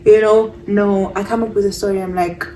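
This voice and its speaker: A young woman telling a personal story on her vlog, animated and mixing English with Zulu phrases. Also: medium pitch, normal speed, distant mic, poor audio. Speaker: vlogger.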